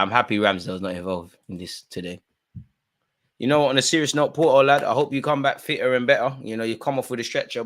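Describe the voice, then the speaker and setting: A young man hosts a live football watch-along in a medium-pitched, everyday voice. He is excitable and heavy on slang, flaring into loud jeers and then dropping to low mutters.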